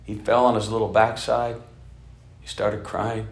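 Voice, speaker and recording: A low-voiced man in his fifties preaches to his congregation, moving from forceful emphasis to near-whispered storytelling. His sermon rings through an echoey church hall. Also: level tone, measured pace. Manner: storytelling preacher, swinging from loud emphasis to soft, hushed delivery. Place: church sanctuary.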